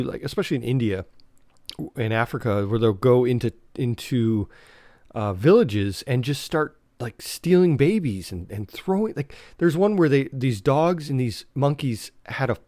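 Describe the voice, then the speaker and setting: A man hosts a solo podcast, rambling through his notes with lots of ums and restarts. His mid-pitched voice sits in a dry, close room with no echo. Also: darkish tone. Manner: rambling, full of fillers and restarts. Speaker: podcast host. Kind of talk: casual solo podcast talk.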